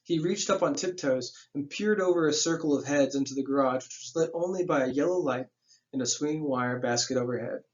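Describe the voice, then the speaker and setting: A man with a slightly high voice reads a novel aloud for a class. He stops often to explain the plot in casual, slangy asides. The recording sounds dull and lo-fi. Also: brisk. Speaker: teacher reading a novel aloud.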